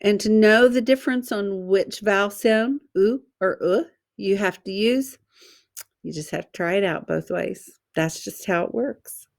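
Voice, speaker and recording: A woman teacher giving a slow, careful phonics lesson for children, sounding out letters and syllables one by one. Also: mid-range voice, gravelly.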